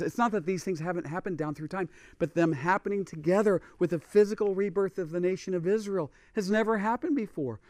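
A man's voice: sits high, a little fast, hardly any pauses, no room sound. Impassioned preacher man, dry close sound. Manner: impassioned, swinging from loud declaration to hushed emphasis. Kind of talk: sermon on Bible prophecy.

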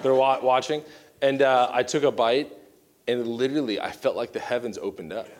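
A young man from Virginia giving an animated, self-mocking sermon full of storytelling. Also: medium pitch, normal speed, slight background noise. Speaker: pastor.

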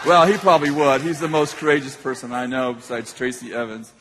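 A man preaching a sermon as an animated storyteller, laughing often as he tells a story to a hall audience. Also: medium pitch, a little fast. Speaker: pastor. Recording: echoey hall.

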